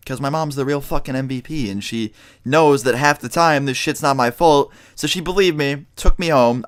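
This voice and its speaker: A man telling a childhood story in a vlog, talking fast, animated and full of swearing. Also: medium pitch, clean tone. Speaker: vlogger.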